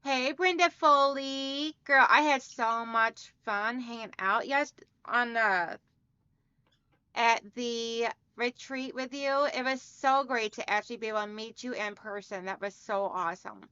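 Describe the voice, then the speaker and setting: A woman's voice: fairly high pitch, unhurried, pushed and bright, smooth, no echo. A woman hosting a quilting livestream from home, chatty and upbeat, greeting viewers by name and reading out their comments. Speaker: livestream host of a quilting channel. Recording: dry, slightly dull home recording.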